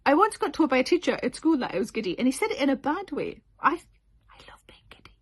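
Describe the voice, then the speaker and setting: A woman's voice: sits high, sing-song, fast talker. A woman in her forties chatting casually to camera about her tour dates, giggly and full of self-deprecating asides. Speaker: comedian announcing tour dates.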